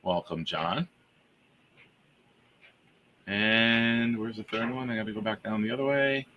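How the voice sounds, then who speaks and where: A man hosting a live fan show, reading out gifted memberships to the chat with exuberant hype-man shout-outs. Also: on the low side, fairly even intonation, a little slow, muffled recording, a little hiss or hum.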